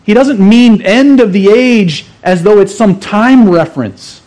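High-voiced man preaching an earnest sermon. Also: measured pace, darkish tone. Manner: earnest, emphatic teaching with repeated phrases. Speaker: pastor.

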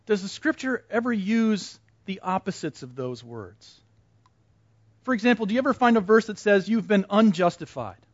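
A man's voice: sits high, animated, moderate pace, no echo, muffled recording. A man teaching a Bible study class in a conversational way, putting questions to the group and repeating their answers back to them.

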